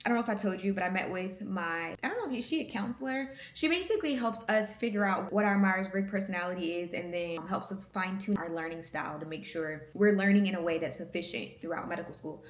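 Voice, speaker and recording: A woman's voice: mid-range voice, echoey room. A woman in her thirties who is a medical student, chatting casually and playfully to her vlog camera at home and poking fun at herself. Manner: chatty, playful, self-mocking.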